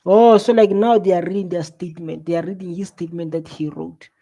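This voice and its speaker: A man's voice: high voice, fairly even intonation, brisk, dark tone. A South African man hosting a live reaction video, exclaiming and scolding with a lot of repetition.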